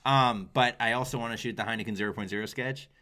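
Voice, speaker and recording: A man co-hosting a casual talk show, playful and pitching sketch ideas. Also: steady tone, fast, pushed and bright. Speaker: podcast co-host. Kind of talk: casual chat.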